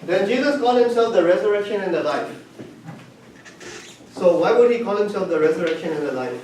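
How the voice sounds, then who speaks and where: Retelling a Bible story for his class, a man pauses to ask his listeners questions along the way. He sounds high-pitched, animated, brisk, and a little mellow, recorded far from the mic in an echoey room with a faint hiss.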